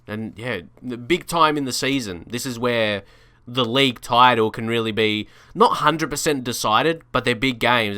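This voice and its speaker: A man's voice: mid-range voice, moderate pace, sharp tone, no room sound, studio quality. A young man chatting casually over his football game, thinking aloud with restarts and small laughs. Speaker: gaming video creator. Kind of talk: casual let's-play commentary.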